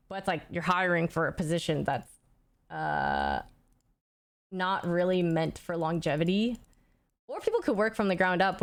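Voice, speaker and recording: A woman's voice: lowish voice, smooth. A young woman streamer in casual chat, rambling and thinking aloud as she answers questions.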